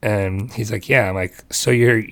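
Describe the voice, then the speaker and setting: A man co-hosts a podcast in loose, chatty storytelling mode, laughing often and slipping into the voices of the people in his story. His voice has a gravelly, creaky edge. The sound is dry and close, with no room in it. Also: fairly low pitch, normal speed, dry recording. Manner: animated, laughing, acts out quoted voices. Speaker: podcast co-host. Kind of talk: casual storytelling chat.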